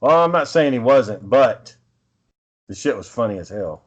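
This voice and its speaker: A man's voice: medium pitch, lively intonation, normal speed, muffled recording. A man co-hosting a podcast, telling a rambling, profane story in a casual, laid-back way. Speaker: podcast co-host.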